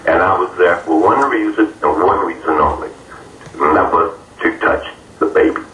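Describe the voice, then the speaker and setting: A man being interviewed, telling a personal story in an earnest, halting way with many fillers. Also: sits low, bright, forceful tone. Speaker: interview guest. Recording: roomy, distant mic, faint noise.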